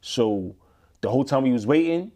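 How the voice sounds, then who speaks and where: A man's voice: medium pitch, normal speed. A man from the Bronx with a New York accent, telling his story in a rambling, casual way and acting out what others said. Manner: rambling, full of fillers and restarts; acts out others' lines in animated voices. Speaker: interview guest, former inmate.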